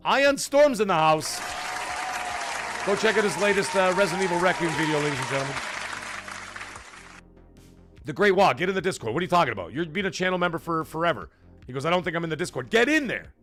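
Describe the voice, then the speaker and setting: A man's voice: a little high, fairly bright tone. A man hosting a casual live stream who jokes, swears loosely and reads viewer messages aloud. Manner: chatty, joking, loose and profane. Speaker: livestream host.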